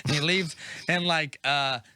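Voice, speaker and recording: A man with a bright, slightly high voice rambles through a casual podcast chat, laughing often. The recording is close and dry. He keeps circling back with fillers as he retells scenes. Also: fairly even intonation, unhurried, no echo. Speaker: podcast co-host.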